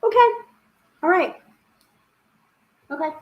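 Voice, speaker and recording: A woman's voice: extremely high pitch, lively intonation, takes it slowly, dull audio. A woman hosting a live tarot stream, chatting casually with lots of giggles, fillers and self-corrections. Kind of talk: casual live-stream chat and card reading. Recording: echoey room.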